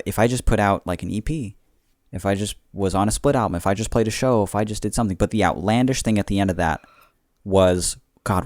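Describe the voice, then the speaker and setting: A man's voice: low-pitched, a little mellow, no room sound, clean studio sound. A man co-hosting a podcast, talking casually in a reflective, rambling way with lots of fillers. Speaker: podcast co-host. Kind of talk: casual chat.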